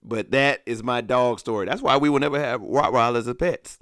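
A man co-hosting a podcast, telling a story in a casual, animated way with acted-out quotes and laughter. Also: medium pitch, normal speed, no echo, clean studio sound. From Alabama. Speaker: podcast co-host.

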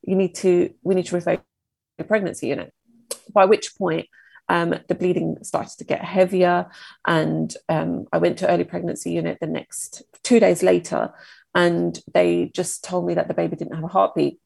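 A woman in her thirties, a podcast guest, recounting a painful personal story in a halting, emotional, reflective way. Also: on the low side, flat delivery, creaky, a little mellow, breathy edge, no room sound.

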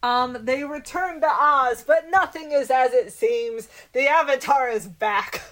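A woman's voice: sits high, unhurried. Playful rambling woman co-host. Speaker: podcast co-host. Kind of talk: casual movie podcast chat.

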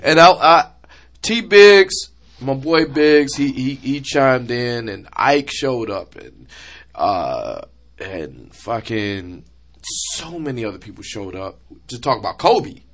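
Animated, bright-voiced man telling a story. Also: mid-range voice, slow. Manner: emotional storytelling, swearing, animated. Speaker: podcast host. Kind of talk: casual chat.

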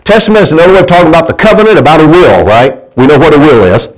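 A pastor with a somewhat high voice gives a folksy sermon at a rapid-fire pace, repeatedly asking the congregation for answers in call-and-response fashion. He stumbles, restarts, and repeats words as he drives his point home, and the audio is poor.

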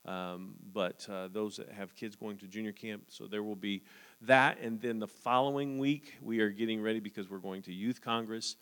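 A man's voice: on the low side, steady tone, normal speed, fairly bright tone, clear, resonant tone. Preacher man in a reverberant church. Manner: reads scripture, then talks earnestly with frequent "Amen?". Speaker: pastor. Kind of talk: sermon. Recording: long hall reverb.

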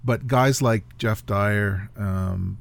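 Low gravelly laid-back man. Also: very slow. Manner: laid-back, hesitant with ums. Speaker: podcast co-host. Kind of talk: casual conversation.

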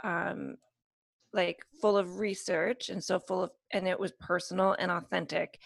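A young adult woman, a podcast guest, chatting earnestly with many halting restarts and fillers. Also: lowish voice, little pitch movement, creaky, no room sound, clean studio sound. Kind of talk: casual chat.

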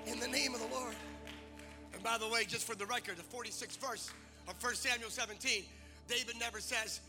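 A male preacher delivering a sermon to a congregation in church, using rhythmic repetition that builds to shouted climaxes. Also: very high-pitched, fairly quick, soft background music. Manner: energetic, animated. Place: church service before a congregation.

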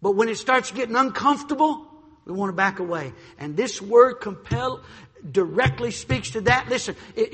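A man's voice: sits high, lively intonation, moderate pace, breathy edge. Impassioned male preacher in echoing hall. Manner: impassioned preaching, swinging from hushed to shouting. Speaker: pastor. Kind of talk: sermon. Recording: reverberant hall.

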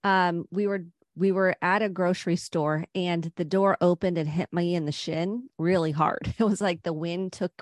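A middle-aged woman psychotherapist, a podcast guest, gives earnest, gentle advice on parenting and anxiety. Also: on the low side, fairly even intonation, normal speed, hardly any pauses, no room sound, clean studio sound. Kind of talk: podcast interview.

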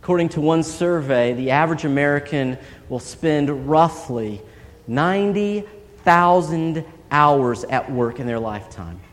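A man's voice: a little high, a little slow. A man preaching a sermon in church, telling stories and acting out quoted voices. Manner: storytelling, animated quoted voices. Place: large church hall. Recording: long hall reverb.

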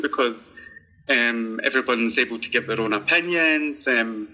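Scottish man, 30s, very bright voice, dull lo-fi sound, friendly casual interview chat. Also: mid-range voice, normal speed. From Scotland. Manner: friendly, laughs often, many ums. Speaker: podcast guest.

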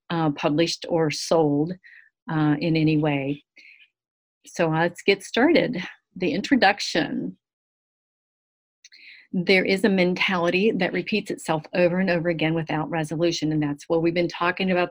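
Earnest woman teaching a Bible lesson. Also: fairly low pitch. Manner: earnest, animated, acts out quotes. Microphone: screen-share video call.

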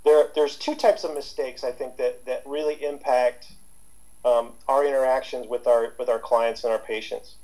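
A man's voice: medium pitch, fairly even intonation, moderate pace, a little mellow, low-quality recording. A man in his fifties, a therapist being interviewed, talking casually with lots of fillers and restarts. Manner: rambling, with many fillers and restarts. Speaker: guest therapist.

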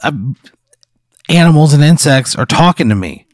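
A man's voice: fairly high pitch, expressive, moderate pace, no echo, clean studio sound. A young man reacting with exasperated, incredulous remarks and frequent swearing in casual banter. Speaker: podcast co-host, listener of the hypothetical.

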